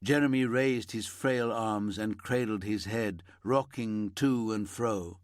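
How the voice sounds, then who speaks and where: A man reading a crime novel aloud in a measured, somber narration. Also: on the low side, dry recording, clean studio sound. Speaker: audiobook narrator. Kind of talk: scripted narration.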